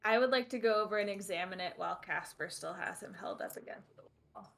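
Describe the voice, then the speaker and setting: A woman player in a casual tabletop game, quick and inquisitive. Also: mid-range voice, gravelly, fairly bright tone.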